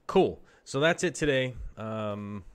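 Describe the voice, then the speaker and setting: A man's voice: medium pitch, lively intonation, takes it slowly, clear, resonant tone. A man casually hosting a live stream, rambling in a laid-back way with lots of fillers.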